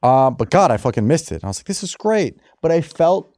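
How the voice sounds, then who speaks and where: A man's voice: fairly high pitch, big pitch swings, brisk, darkish tone, no room sound, studio quality. A young man co-hosting a comedy podcast, joking and swearing in casual chat, full of likes and laughs.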